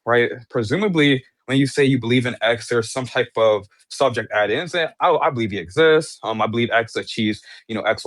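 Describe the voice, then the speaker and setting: A man's voice: mid-range voice, dry recording. A man in a heated online debate who mocks his opponent and swears while pressing him with pointed questions. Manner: mocking, profane, questioning.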